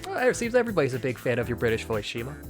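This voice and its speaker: Man, let's-play reader, reads narration aloud in first person, casual banter, mid pitch, faint music. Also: very animated, racing. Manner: reads the game text aloud in first person, laughing between lines. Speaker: streamer reading a visual novel aloud.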